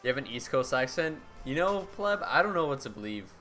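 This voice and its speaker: A man's voice: medium pitch, sing-song, brisk, sharp tone, faint music behind. A man from the United States chatting casually on a live game stream, answering his viewers' messages in an easygoing way. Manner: chatty, answers viewer chat with easy laughs.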